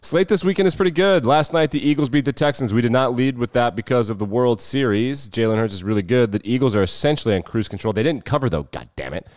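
A man's voice: medium pitch, animated, fast talker, few pauses, a little mellow, dry recording, muffled recording. A man hosting a casual sports show, running through football picks in a loose, irreverent way with some swearing. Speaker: sports betting show host.

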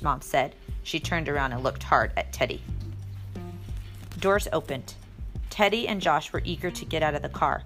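A woman narrating a storybook aloud in a lively, expressive way. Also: deep voice, normal speed, long pauses, soft background music. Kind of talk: storybook reading.

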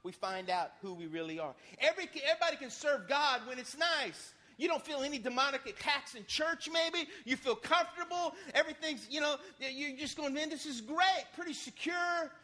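A male pastor preaching in a church with a high, bright voice. He swings between quiet asides and loud, lively bursts, telling stories in a folksy way. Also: fairly quick, hardly any pauses. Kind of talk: sermon.

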